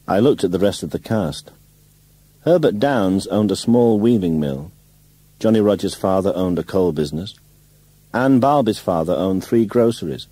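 Low, husky male audiobook narrator. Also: mellow, no room sound. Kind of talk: first-person literary novel narration.

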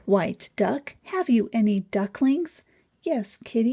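Slow, breathy woman reading a picture book aloud. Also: fairly high pitch, lively intonation, dark tone. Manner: slow, sing-song read-aloud with lifted animal sounds. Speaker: reader of a children's picture book.

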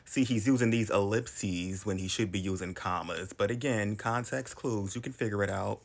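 A man's voice: lowish voice, normal speed, vocal fry, few pauses. A man hosting a gossip commentary show, reading tweets aloud with dry, mocking asides. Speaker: commentary host.

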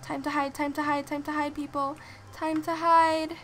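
Very high-voiced, excitable young woman gamer. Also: normal speed, a little hiss or hum. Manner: excitable, squeals and laughs, repeats phrases. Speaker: gaming channel host. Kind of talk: excited gameplay commentary.

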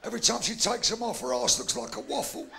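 A gravelly, fairly high-pitched older Cockney man tells blunt, bawdy jokes in a dry, deadpan way. He is recorded live on stage, with plenty of room noise and audience around him. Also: fast talker. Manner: gruff, bawdy, deadpan delivery. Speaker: stand-up comedian. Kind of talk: live stand-up routine. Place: large live venue with a crowd. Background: audience laughter.

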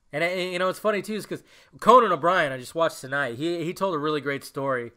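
On the high side and a little fast, the young man's voice comes across pushed and bright. He hosts a casual podcast alone, rambling with emotion and swearing often as he goes.

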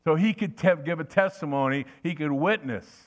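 A man's voice: a little high, normal speed, dull audio. An older man preaching a sermon in a folksy, anecdotal way, telling stories with frequent restarts.

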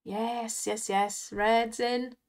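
A woman's voice: fairly high pitch, flat delivery, drawn-out words. A Welsh woman hosting an online slots video, chatting casually and laughing often as she cheers on the spins. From Wales. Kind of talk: casual chat and commentary over gameplay.

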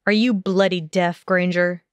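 Arrogant teen wizard boy, low harsh sneer, slow smooth delivery, dry sound, a woman reading him. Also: fairly even intonation, dry recording, close to an everyday voice. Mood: contemptuous.

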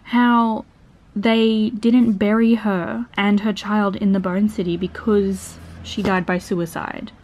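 A woman's voice: medium pitch, slow pace. Chatty Australian young woman book vlogger. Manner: chatty, animated, frequent laughs. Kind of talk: casual reading vlog chat.

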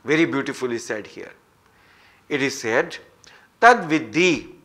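A man's voice: high voice, expressive, takes it slowly, a bit bright. A man giving a scripture lecture, telling stories and repeating phrases for emphasis. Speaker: spiritual teacher.

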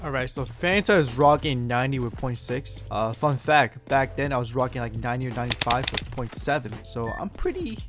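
A young man giving casual commentary over his own shooter gameplay, chatty and yelling at big plays. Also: mid-range voice, brisk, few pauses. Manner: excitable, yells at big plays. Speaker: gaming YouTuber. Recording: loud game music and gunfire behind.

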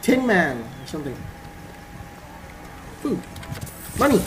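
A man's voice: fairly high pitch, sing-song, moderate pace, long pauses, fairly bright tone, slight background noise, poor audio. A man giving casual, playful commentary while playing a game, musing to himself and reading game text aloud. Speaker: let's play host. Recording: voice over game music.

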